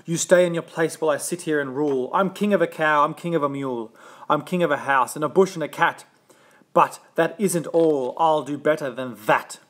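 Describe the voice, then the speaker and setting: Pompous, bellowing storybook turtle king, raised and loud, a man acting him out. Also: a little high, fairly quick. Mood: boastful bellowing. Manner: barking, bellowing, bossy.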